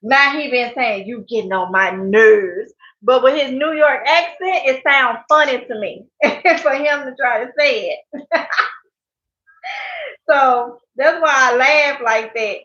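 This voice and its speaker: A woman's voice: sits high, slow pace, sharp tone. A woman chatting casually on a live stream as a channel host. She laughs often and reads out viewer comments. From Mississippi. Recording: echoey, dull lo-fi sound.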